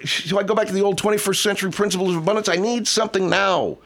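An actor playing a brash, crude male pitchman in a comedy sketch, blustering and defensive. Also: steady tone, rapid-fire, fairly bright tone. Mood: scheming. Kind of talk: improvised comedy sketch acting.

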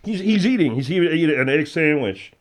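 A man voicing a dim young male sidekick who chimes in slowly and agreeably in a comedy radio bit. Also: on the high side, lively intonation, pitched above the performer's own voice, natural voice. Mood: dopey.

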